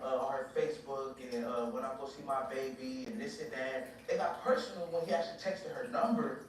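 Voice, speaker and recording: A man's voice: mid-range voice, fairly even intonation, fairly quick, a little hiss or hum. Terse man in an echoey courtroom. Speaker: litigant. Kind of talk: courtroom show. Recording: echoey room, distant mic.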